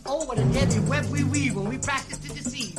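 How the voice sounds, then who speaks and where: An actor playing a frantic, paranoid middle-aged conspirator in a film scene, profane and rambling. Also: male voice, extremely high pitch, brisk, over loud music. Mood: cynical rambling. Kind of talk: film dialogue. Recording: loud film score behind.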